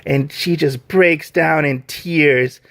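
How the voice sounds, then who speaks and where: A man's voice: on the high side, slow, gravelly, fairly bright tone, no room sound, studio quality. A man giving a casual, rambling video review, gushing with enthusiasm and filling his talk with "like" and "um". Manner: rambling, heavy use of "like" and "um". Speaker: manga reviewer.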